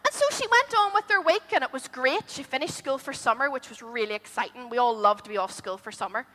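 A woman telling a story to a group of children, animated and asking them questions as she goes. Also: high-pitched, fast. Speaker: children's storyteller at a church holiday club. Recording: long hall reverb.

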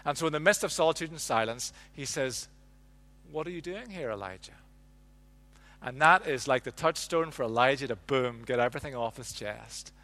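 A man preaching a sermon, telling the story with lively ups and downs and dropping to a hush for quiet lines. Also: medium pitch, a little fast, hardly any pauses. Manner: animated storytelling, drops to a hush on quotes. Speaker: pastor.

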